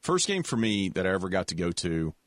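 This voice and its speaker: A man with a lowish voice tells a long, winding story in a loose, chatty way. He restarts sentences, speeds up and slows down, and leaps up in pitch when he gets excited. The sound is close and dry, with no room around it. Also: no room sound. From American South. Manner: animated storyteller with many restarts, acts out voices. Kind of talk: casual storytelling chat.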